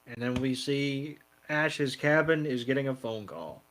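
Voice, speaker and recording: Man, podcast co-host, mid-pitched voice, relaxed plot recap. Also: measured pace. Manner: narrates plot with quoted lines and fillers. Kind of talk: casual chat recapping an episode.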